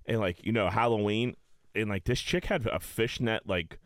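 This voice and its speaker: A man's voice: lowish voice, normal speed, no room sound. A man co-hosting a podcast, chatting casually and crudely and telling joking stories. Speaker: podcast co-host. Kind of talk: casual chat.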